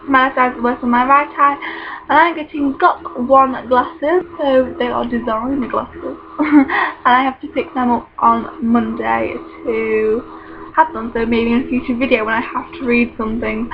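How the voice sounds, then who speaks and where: Chatty woman vlogging. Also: fairly high pitch. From United Kingdom. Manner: chatty, rambling, self-correcting. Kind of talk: casual chat to camera. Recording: dull lo-fi recording with faint noise.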